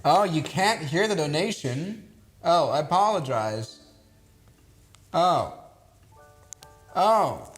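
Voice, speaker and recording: A man's voice: a little high, lively intonation, slow pace, pauses often, breathy edge, faint music behind. A young man with a Swiss accent chatting casually to viewers on a live stream while struggling to build a model kit, self-mocking and exasperated.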